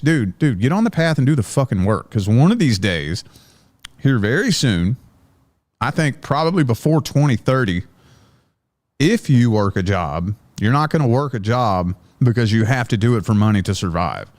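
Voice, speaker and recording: Man, podcast guest, medium pitch, blunt, swears, gives advice. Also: expressive, moderate pace. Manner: blunt, profane advice-giving. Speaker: tarot reader, podcast guest. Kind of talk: casual podcast conversation.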